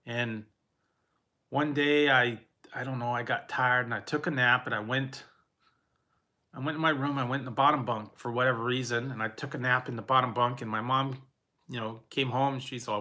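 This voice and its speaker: A man tells personal stories in a loose, rambling way. He stops and restarts his sentences and chuckles often. His voice is bright and forceful at a middling pitch. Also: steady tone. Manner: rambling, halting, laughs often. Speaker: vlogger. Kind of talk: casual personal storytelling.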